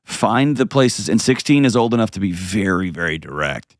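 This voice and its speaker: A man's voice: lowish voice, very animated, no echo, clean studio sound. A man hosting an advice call-in show, earnest and emotional. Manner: earnest, emotional, pauses heavily. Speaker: radio show host.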